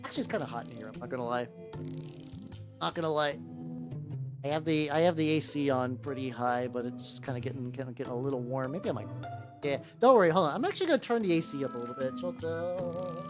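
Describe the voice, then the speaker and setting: A US-based streamer rambles casually while painting miniatures, swearing often. The voice is medium-pitched and fast, with faint music playing in the background.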